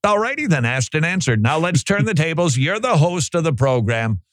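A man's voice: on the high side, big pitch swings, moderate pace, fairly bright tone, dry recording. A man hosting a talk show, giving sarcastic, mocking commentary with laughing asides. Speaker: host.

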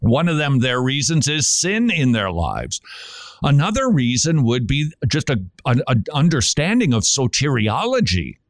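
A man preaching on a podcast in an emphatic voice that swoops widely between high and low. He keeps firing rhetorical questions at the listener. The sound is dry and close, with no room echo. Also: huge pitch swings, unhurried. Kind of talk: preaching-style podcast talk.

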